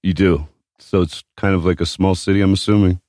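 A man's voice: deep voice, fairly even intonation, brisk, a little mellow, no room sound, studio quality. A man hosting a podcast, talking in a laid-back, profane way. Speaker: podcast host. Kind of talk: casual chat.

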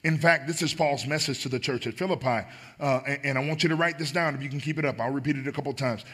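A man's voice: mid-range voice, quick pace, fairly bright tone, slightly rough. A man preaching a sermon as pastor, emphatic and building on repeated phrases.

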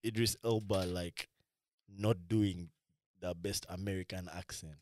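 A man in casual chat about movies, talking in slang with lots of "bro" and often trailing off into quieter asides. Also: deep voice, steady tone, unhurried, a little hiss or hum.

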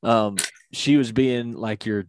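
A man hosting a podcast, a relaxed listener who chimes in and then shares his own story. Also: mid-range voice, slow pace, a little hiss or hum. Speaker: podcast host. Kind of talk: casual chat.

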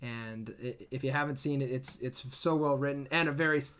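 A man's voice: mid-range voice, fairly quick, fairly bright tone, clear, resonant tone. A man co-hosting a podcast, talking casually and with enthusiasm about a favorite TV show. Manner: enthusiastic, emphatic praise. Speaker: podcast co-host. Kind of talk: casual chat.

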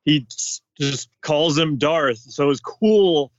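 A man co-hosting a casual fan chat, excitedly retelling scenes with lots of "like". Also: on the high side, takes it slowly, no room sound. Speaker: podcast co-host. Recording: dull dry sound.

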